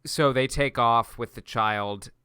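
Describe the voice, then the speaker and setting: A man's voice: mid-range voice, pushed and bright, clear, resonant tone, dry recording, clean studio sound. A man co-hosting a podcast, recapping scenes in casual chat and often restarting his sentences. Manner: recapping scenes at length with quick self-restarts. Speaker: podcast co-host.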